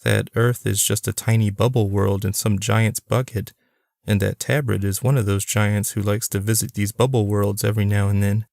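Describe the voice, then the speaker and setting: A man's voice: on the low side, little pitch movement, moderate pace, creaky, darkish tone, no room sound, clean studio sound. A man voicing a friendly young woman who turns earnest and ominous, in an audiobook. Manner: playful, then earnest and ominous.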